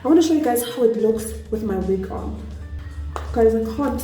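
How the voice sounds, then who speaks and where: A woman from South Africa hams up a Nigerian accent as she talks through a makeup tutorial, chatty and quick to poke fun at herself. Her voice sits a little high but stays mellow and warm. It is recorded in an echoey room with faint music underneath. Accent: put-on Nigerian. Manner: chatty, excitable, self-deprecating. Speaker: beauty vlogger.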